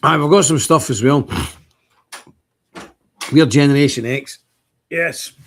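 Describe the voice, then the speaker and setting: A man's voice: fairly high pitch, slow, slight background noise. An older man hosts a casual livestream, chatting in a rambling way and greeting viewers by name. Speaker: livestream host. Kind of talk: casual livestream chat with scripture reading. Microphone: phone camera.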